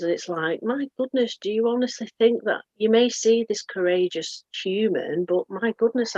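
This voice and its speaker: A woman with a British accent hosting a casual group chat, chatty and quick to laugh. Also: medium pitch, no echo. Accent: British English. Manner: chatty, laughs often, lively asides. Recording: dull lo-fi dry sound.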